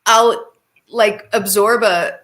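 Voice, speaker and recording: A woman's voice: mid-range voice, steady tone, slow, fairly bright tone. A woman who acts in stage plays, chatting casually and laughing often. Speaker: actor guest. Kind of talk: casual chat.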